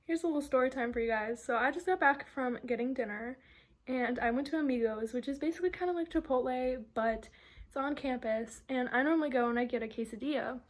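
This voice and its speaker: Young woman, high pitch, college art student, casual vlog, chatty storytelling. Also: fast. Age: young adult. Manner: chatty storytelling with many "like" fillers.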